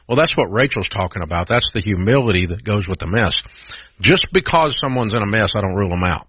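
A man's voice: fairly low pitch, animated, fast talker, a bit bright, slightly rough, dry recording. A man hosting a call-in advice radio show, blunt and emphatic, repeating phrases for punch. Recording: dull lo-fi radio broadcast sound.

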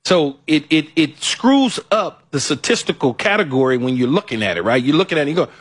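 Husky-voiced man co-hosting a betting show. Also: on the high side, big pitch swings, a little fast, hardly any pauses, fairly bright tone, dry recording. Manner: emphatic, repeats himself. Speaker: sports betting show co-host. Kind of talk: live sports betting broadcast chat with ad read.

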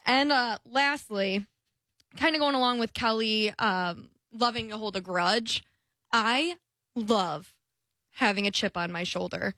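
Young woman co-host, bright voice, high pitch, chatty, acts out quotes; dry close sound. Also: measured pace, dry recording. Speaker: podcast co-host. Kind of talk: casual chat.

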